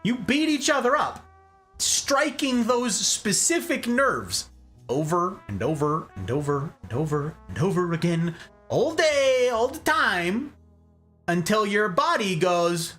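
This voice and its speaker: A man hosting a casual explanatory chat, jokey and animated, often checking in with "okay?". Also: sits high, slow pace, soft background music. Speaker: host.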